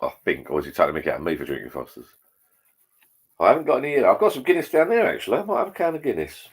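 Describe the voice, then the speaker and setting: A man hosting a relaxed livestream, chatting to viewers in a rambling, matey way over drinks at home. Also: on the low side, racing, slightly rough. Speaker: livestream host. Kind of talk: casual chat with viewers while drinking. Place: at home, indoors.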